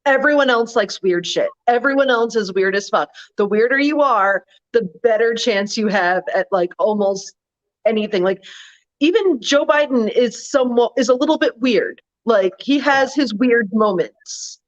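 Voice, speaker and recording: A woman co-hosting a casual political chat, talking loosely with lots of "like" and quick mimicry of other people. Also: fairly high pitch, expressive. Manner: chatty, lots of "like", mimics others in put-on voices. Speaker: co-host. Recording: muffled lo-fi audio.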